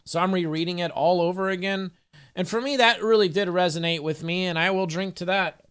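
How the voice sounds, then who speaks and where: A man's voice: high-pitched, fairly even intonation, fairly quick, a bit bright, clean tone. A man chatting loosely in a home vlog, joking and swearing as he reads out an affirmation card and talks to his cat. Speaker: spiritual vlogger. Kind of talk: casual rambling vlog with card reading.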